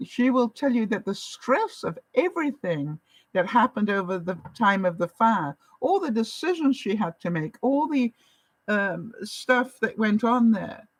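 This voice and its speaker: A woman's voice: fairly high pitch, no echo, poor audio. A woman, talking to camera as a vlogger in a chatty storytelling way, often breaking into laughs. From Canada. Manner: animated, chatty, laughs often while telling stories.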